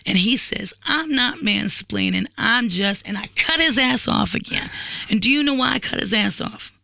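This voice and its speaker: A woman's voice: a little high, expressive, a little fast, creaky, bright, forceful tone, no room sound. A woman telling a story in casual chat, blunt, sarcastic and profane. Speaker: podcast guest.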